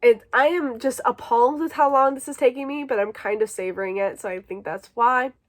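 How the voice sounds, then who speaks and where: A woman's voice: fairly high pitch, fairly quick. A woman hosting a casual book vlog, talking in an emotional, gushing way with plenty of "like" fillers. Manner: gushing, emotional, filler-heavy with frequent likes. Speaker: book vlogger. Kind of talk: casual chat.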